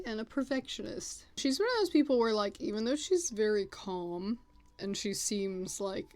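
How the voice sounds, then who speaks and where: A woman gives a loose, chatty walkthrough of her characters, with a mid-range voice. She rambles and circles back, filling the gaps with casual filler. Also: medium pitch. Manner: chatty, lots of filler "like"s and laughs. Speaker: content creator.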